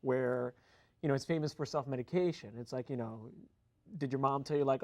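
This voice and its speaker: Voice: mid-range voice, brisk, a little mellow. An interviewer who asks questions by summarizing what the guest said. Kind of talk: conversational interview.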